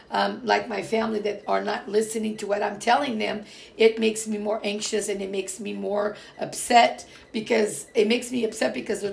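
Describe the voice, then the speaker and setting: Middle-aged woman from Portugal, gravelly low fry, rambling casual vlog chat, emphatic with lots of fillers. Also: darkish tone. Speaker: vlogger. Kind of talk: casual personal talk to viewers.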